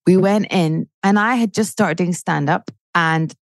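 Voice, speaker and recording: A woman's voice: on the low side, measured pace, dry recording. A woman in her forties, a comedian chatting as a podcast guest, swearing freely and ranting with rising energy. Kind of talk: casual chat.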